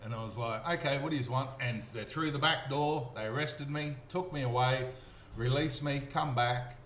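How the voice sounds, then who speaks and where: A middle-aged man tells a long, rambling personal story, acting out what each person said and dropping in "okay?" checks along the way. His voice sits at an ordinary pitch. The room sounds echoey, with a faint hiss of noise behind him. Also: moderate pace, a bit bright. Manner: rambling, acts out quoted dialogue, frequent "okay?" checks. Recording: roomy with faint background noise.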